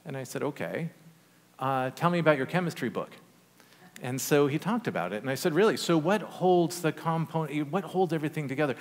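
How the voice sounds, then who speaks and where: A man preaching a sermon, telling a personal story in a conversational, animated way with humorous asides. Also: a little high, fairly quick. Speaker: pastor. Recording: long church reverb.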